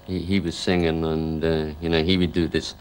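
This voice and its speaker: A rock guitarist talking casually in an interview, rambling and filling gaps with "you know", now and then chuckling. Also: male voice, a bass voice, little pitch movement, normal speed, a little mellow, slight background noise. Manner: chuckles while telling stories.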